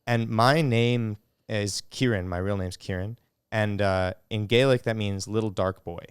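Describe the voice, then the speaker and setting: A low-pitched young man in his twenties talks easily as a podcast guest, meandering and leaning on filler words. His voice is smooth and clear. The sound is dry and close. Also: steady tone, a little slow, dry recording. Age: 20s. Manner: laid-back, laughs often, many "like" fillers. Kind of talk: casual chat.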